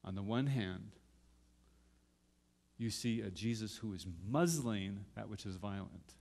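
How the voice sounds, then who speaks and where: A man's voice: fairly low pitch, measured pace, creaky, a little mellow. A middle-aged man preaching a sermon as pastor, dramatically reading scripture and acting out pleas to God.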